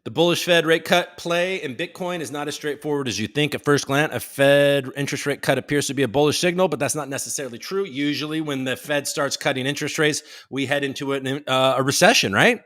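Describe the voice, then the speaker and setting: A man's voice: on the high side, fairly quick, hardly any pauses, fairly bright tone. A man hosting a casual livestream, reading news headlines aloud and tossing in joking asides. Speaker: host.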